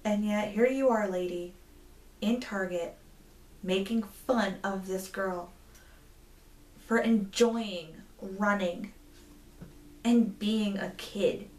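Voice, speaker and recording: A woman's voice: medium pitch, takes it slowly, pauses often, darkish tone, reverberant, recorded from a distance. A woman in her twenties telling a story to camera, indignant and rambling, with many fillers. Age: 20s. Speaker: vlogger. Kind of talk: storytime vlog.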